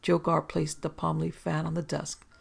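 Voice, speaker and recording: Brief: steady audiobook narrator with a gravelly voice, reading a mystery. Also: medium pitch, normal speed. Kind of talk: scripted narration.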